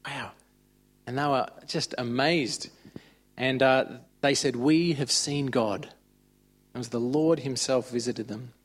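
A man's voice: mid-range voice, fairly even intonation, unhurried. Chatty man preaching. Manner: conversational, chatty retelling of stories. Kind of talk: informal sermon.

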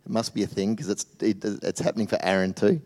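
A man preaching a sermon as pastor, swinging between loud animated bursts and hushed, tender asides. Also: fairly low pitch, fast talker.

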